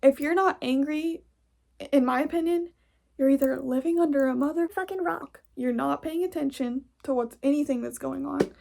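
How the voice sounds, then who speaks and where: A woman's voice: high-pitched, normal speed, creaky, mellow. A young woman hosting a podcast, delivering an angry, profane, blunt monologue. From United States. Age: young adult. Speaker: podcast host. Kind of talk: casual ranting monologue.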